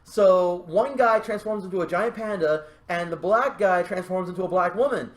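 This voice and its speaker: A man hosting a casual podcast chat, telling a story in an animated way with lots of laughter and quick put-on voices. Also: high voice, echoey room. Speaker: podcast host.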